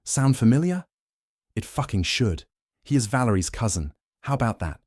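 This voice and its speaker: A man's voice: mid-range voice, big pitch swings, normal speed, darkish tone, husky, no echo, clean studio sound, pitched above the performer's own voice. A man voicing a fierce, angry female werewolf who swears and mocks. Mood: angry sarcastic. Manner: furious, swearing, mocking.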